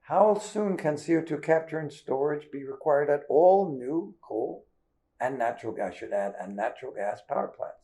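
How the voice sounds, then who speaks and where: Older guy giving a seminar talk, gravelly, chatty and direct. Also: fairly high pitch, expressive, moderate pace, warm tone, rough recording. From United States. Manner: conversational, checks in with the audience. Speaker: guest lecturer. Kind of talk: academic seminar lecture. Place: lecture hall.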